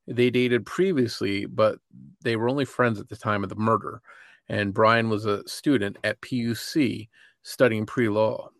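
Gravelly man reading true crime. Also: fairly low pitch, steady tone, no room sound, clean studio sound. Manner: measured, reads from a script. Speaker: podcast co-host. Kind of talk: scripted true-crime narration.

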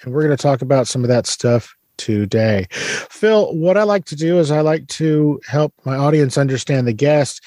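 A man's voice: a little high, expressive, normal speed, few pauses, a little mellow, no room sound. A man from San Antonio hosting a podcast, interviewing his guest in a playful, teasing way. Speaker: podcast host. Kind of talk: casual interview.

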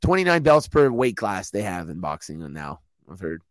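A man's voice: lowish voice, big pitch swings, normal speed, no room sound. A man co-hosting a podcast, chatting loosely with lots of swearing and laughter. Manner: loose, profane, laughing banter. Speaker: podcast co-host. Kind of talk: casual chat.

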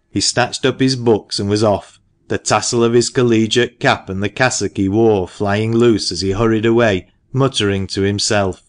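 Low-voiced man narrating an audiobook. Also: steady tone, moderate pace.

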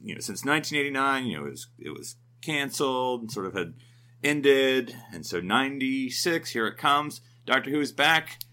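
A man's voice: mid-range voice, lively intonation, moderate pace, pushed and bright. A man in his forties, co-hosting a podcast in casual chat, rambling and correcting himself as he goes. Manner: rambling, self-correcting, chatty. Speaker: podcast co-host.

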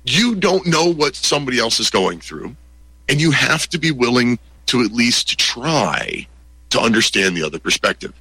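A man conducting an interview, speaking in an animated way and asking rhetorical questions. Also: mid-range voice, moderate pace, breathy edge, dry recording. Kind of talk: conversational interview.

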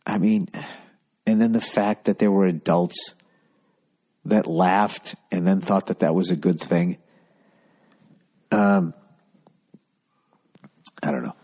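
A man with a deep, low voice rants through a solo podcast episode. He is profane and rambling, and sounds exasperated as he tells his stories. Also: steady tone, takes it slowly, pauses often, darkish tone. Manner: storytelling with voiced asides. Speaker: podcast host.

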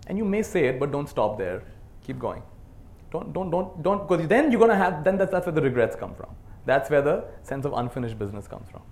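A meditation teacher with a medium-pitched voice leads a live group through a dharma talk and call-and-response exchanges. He sounds earnest, alternating between quiet passages and emphatic ones.

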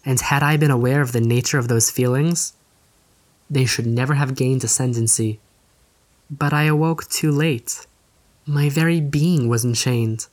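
A man's voice: medium pitch, measured pace, close to an everyday voice. A man reading the part of an anguished young noblewoman torn between duty and love, in earnest, pleading period diction. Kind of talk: audiobook reading.

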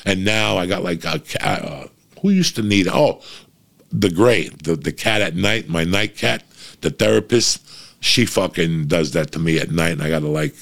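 Gravelly deep-voiced man, blunt and profane. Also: lively intonation, moderate pace, fairly bright tone. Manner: profane, blunt, rambling storytelling. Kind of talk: casual monologue to listeners.

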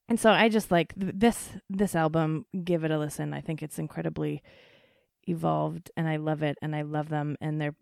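A woman hosting a podcast in casual chat, gushing and excitable, swearing freely and full of fillers. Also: low voice, creaky, no echo, studio quality.

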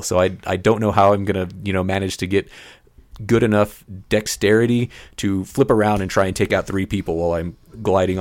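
A man's voice: lowish voice, a little mellow, no room sound. A man co-hosting a gaming podcast, telling stories in a rambling, self-correcting way. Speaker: podcast co-host. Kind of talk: casual gaming podcast chat.

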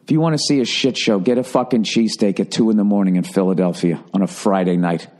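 A middle-aged Boston-area podcast host with a fairly low voice talks quickly through a rambling, profanity-filled story in a casual monologue. He becomes animated whenever he does quoted voices.

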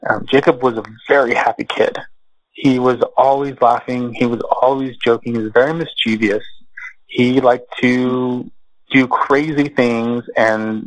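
A man as an interview guest, telling a personal family story in a slow, measured way with many pauses and fillers. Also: medium pitch, fairly even intonation, no room sound, rough recording.

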